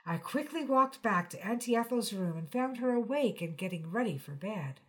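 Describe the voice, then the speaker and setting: A woman reading a short story aloud in a measured first-person narration. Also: mid-range voice, expressive. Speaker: reader.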